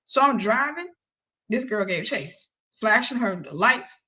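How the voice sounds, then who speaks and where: A woman host telling a personal story in an animated way, laughing and acting out the voices of the people in it. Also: a little high, moderate pace.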